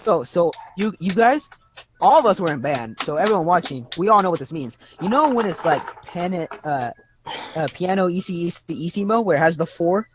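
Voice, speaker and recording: A man narrates a tabletop game as its game master, talking over a video call. His delivery is halting and rambling, full of fillers, while his pitch swings widely. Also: expressive, noisy background.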